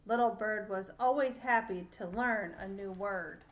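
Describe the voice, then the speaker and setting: An older woman, a great-aunt, reading a picture book aloud to children in an animated, playful way, pausing to ask questions. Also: medium pitch, dull audio.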